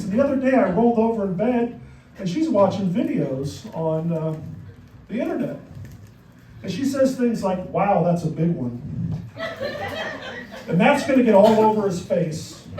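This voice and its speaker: A middle-aged man doing a punchy, deadpan stand-up comedy set in a comedy club. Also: high-pitched. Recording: roomy club sound, mic far off, crowd. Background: audience laughter.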